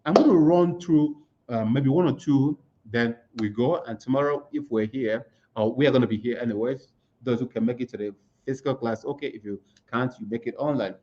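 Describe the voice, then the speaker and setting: A man's voice: medium pitch, a little fast, mellow. A man giving a motivational talk, asking himself rhetorical questions and repeating key words for emphasis. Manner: asks rhetorical questions and answers them himself. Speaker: motivational speaker at an online conference. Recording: slightly muffled lo-fi sound.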